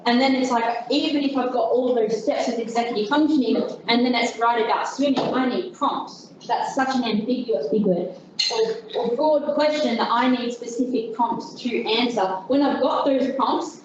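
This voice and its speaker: A young woman speaks informally to an audience, rambling a little and stopping to restart her sentences. Her voice sits a touch high. The recording is dull and very echoey, as if taken in a big hall with faint background noise. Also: normal speed, far from the mic. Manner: chatty, self-deprecating, many fillers and restarts. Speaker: guest speaker. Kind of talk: informal presentation to a group.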